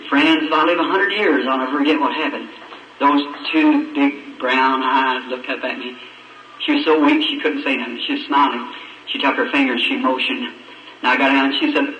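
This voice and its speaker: A man's voice: mid-range voice, normal speed, sharp tone. A man preaching a sermon, telling a story in a folksy, emotional way and acting out the voices in the dialogue. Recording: roomy, distant, dull old recording with faint hiss.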